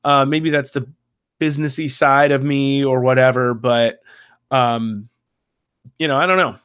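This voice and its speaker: A man's voice: medium pitch, steady tone, a little slow, a bit bright, clear, resonant tone. A man co-hosting a podcast in casual chat, talking hesitantly with many restarts and fillers. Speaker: podcast co-host.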